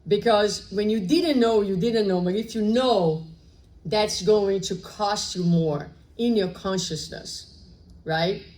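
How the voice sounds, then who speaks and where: Woman, spiritual lecturer, slow unhurried delivery, reflective, asks "right?" to listeners. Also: medium pitch, a little mellow. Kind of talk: public spiritual talk. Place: spiritist center meeting room.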